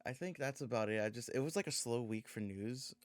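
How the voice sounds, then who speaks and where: A man's voice: mid-range voice, brisk, no room sound. A young man co-hosting a podcast in casual chat, rambling and restarting his words with plenty of fillers. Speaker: podcast co-host.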